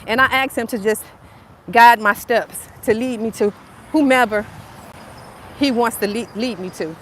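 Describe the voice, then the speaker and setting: A woman's voice: on the high side, moderate pace, fairly bright tone. A woman in her fifties with a Southern US accent, hosting a casual motivational livestream outdoors on a phone and talking straight to her viewers, repeating herself as she goes. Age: 50s. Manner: chatty, repeats herself, addresses viewers directly. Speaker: channel host. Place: outdoors on a narrow sidewalk by a road. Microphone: phone propped up. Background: faint passing traffic.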